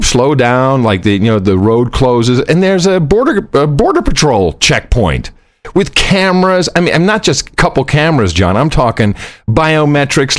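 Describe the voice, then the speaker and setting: A man co-hosting a podcast while on the road, telling a rambling story in casual chat. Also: mid-range voice. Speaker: podcast co-host. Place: on the road, far from home studio.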